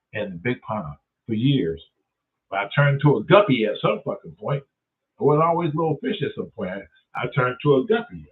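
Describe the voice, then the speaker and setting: Cussing dude retelling bible stuff street style, tinny phone sound, a bit off mic. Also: male voice, mid-range voice, distant mic. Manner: swears constantly, acts out characters in voices. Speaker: host.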